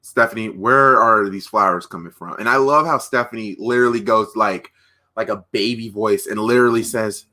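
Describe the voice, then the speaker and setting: Excitable man, bright forward voice. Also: mid-range voice, normal speed. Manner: excitable, rambling reactions with frequent exclamations; restarts and trails off mid-sentence. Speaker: streamer hosting a wrestling watch party. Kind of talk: live-stream watch-along commentary.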